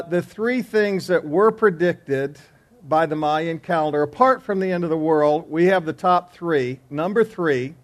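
Guy teaching a class, cracking jokes and rambling with lots of uhs, voice a bit high. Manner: rambling, chatty joke-telling with filler "uh"s. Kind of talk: joking announcements before a lesson.

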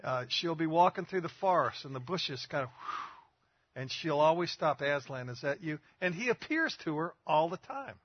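A man's voice: fairly high pitch, lively intonation, moderate pace, breathy edge, no room sound, muffled recording. An older man preaching a sermon in a folksy storytelling manner, asking the listeners questions.

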